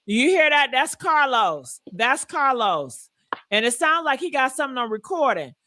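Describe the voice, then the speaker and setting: A woman's voice: high voice, big pitch swings, normal speed, bright, forceful tone, slight background noise. A woman hosting a casual gossip livestream, talking emphatically and repeating points for emphasis. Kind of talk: casual commentary.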